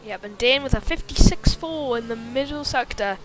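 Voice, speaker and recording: Female sim-racing commentator, somewhat high-pitched, casual and filler-heavy. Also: moderate pace. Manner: chatty, many fillers, reads chat. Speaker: race commentator.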